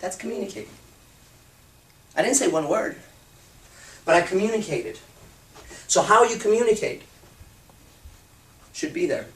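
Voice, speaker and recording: A man giving a blunt, profane and animated seminar talk as a dating and confidence coach. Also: high-pitched, a little slow, pauses often, echoey room, recorded from a distance. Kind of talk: seminar talk to a live group.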